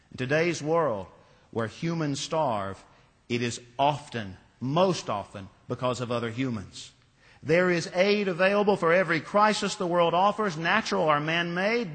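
A man delivers a sermon from the pulpit, moving between calm storytelling and emphatic, repeated phrases. His voice sits a little high for a man. The church's long reverb trails after every line. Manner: storytelling, with emphatic rising repetitions. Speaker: pastor. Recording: long reverb of a large hall.

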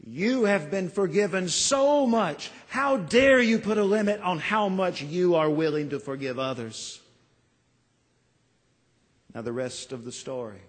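A man preaches slowly and earnestly, leaning into pleading lines and letting pauses hang. His voice sits a little high for a man. It rings out with the long reverb of a church sanctuary. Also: lively intonation. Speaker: pastor. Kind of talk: sermon.

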